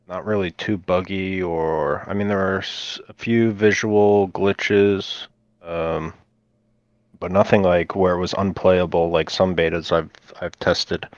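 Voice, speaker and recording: A man speaking as a podcast guest, halting and measured. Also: low voice, dry recording. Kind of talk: casual podcast chat. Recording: slightly dull lo-fi audio.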